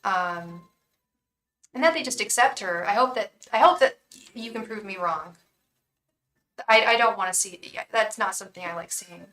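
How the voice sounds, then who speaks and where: A woman's voice: mid-range voice, moderate pace, pauses often, bright, forceful tone, far from the mic. A woman reading tarot on a live stream, chatting with viewers, thanking donors by name and chanting invocations to spirit guides.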